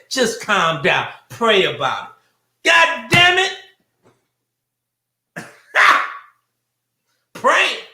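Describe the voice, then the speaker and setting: A man's voice: high-pitched, bright, forceful tone, echoey room. A man hosting his own show, delivering a fiery, profane monologue full of rhetorical questions and repeated lines. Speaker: show host.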